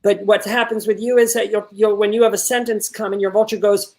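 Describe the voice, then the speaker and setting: A man teaching an online acting workshop. He is animated and repeats words when excited, and he swears casually while giving feedback. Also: sits high, brisk. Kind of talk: coaching an actor in an online workshop.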